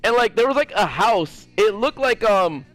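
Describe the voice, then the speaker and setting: A man's voice: high voice, lively intonation, normal speed, a bit bright, dry recording. A man casually telling a rambling story to his viewers, full of fillers and swearing. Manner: rambling, profane, lots of fillers. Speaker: gaming streamer.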